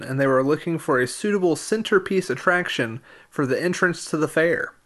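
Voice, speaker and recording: A man co-hosting a casual history podcast, chatting easily and then reading history segments in an even, informative way. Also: fairly high pitch. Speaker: podcast co-host.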